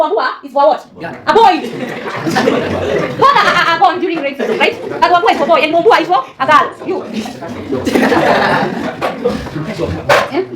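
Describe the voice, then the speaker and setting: A woman teaching a classroom lesson, often quizzing students with fill-in questions and laughing. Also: sits high. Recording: echoey classroom with student chatter.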